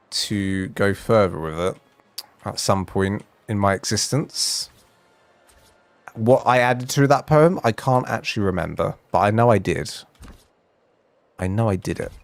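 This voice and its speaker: Gaming from home, a young man shares a funny, self-mocking story in a casual, chatty tone. His voice sits on the low side, the recording has no echo, and faint game music can be heard.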